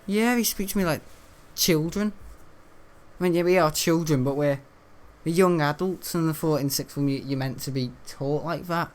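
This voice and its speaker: Chatty teen gamer. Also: male voice, a little high, moderate pace. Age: teens. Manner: rambling, chatty, grumbling. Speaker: gaming channel host. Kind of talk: casual gameplay commentary.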